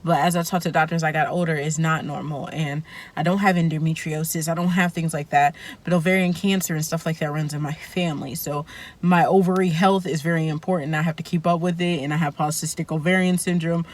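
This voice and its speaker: A woman's voice: low-pitched, steady tone, a little fast. A woman chatting straight to her viewers in a casual vlog. She talks openly and loosely, rambling a little and correcting herself mid-sentence. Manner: candid, rambling, self-correcting. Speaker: vlogger. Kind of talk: casual vlog chat to camera.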